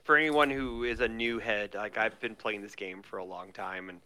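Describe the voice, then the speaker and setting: A man co-hosting a podcast, rambling excitedly with lots of fillers in casual chat. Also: fairly low pitch, normal speed, clear, resonant tone. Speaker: podcast co-host. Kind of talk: casual chat about a card game.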